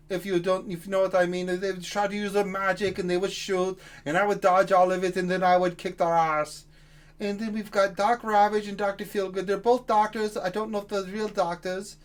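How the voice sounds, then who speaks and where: A man's voice: high voice, close to an everyday voice. A man voicing a cranky, foul-mouthed male frog puppet who insults and boasts through a list of names. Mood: boastful. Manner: insulting, boastful, rambling roll call.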